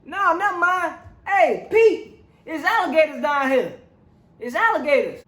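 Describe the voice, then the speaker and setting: A reviewer acting out a panicked male police officer who yells excitedly, in a roomy recording. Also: high voice, a little slow, pitched above the performer's own voice. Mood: excited yelling. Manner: excited, yelling. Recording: roomy echo.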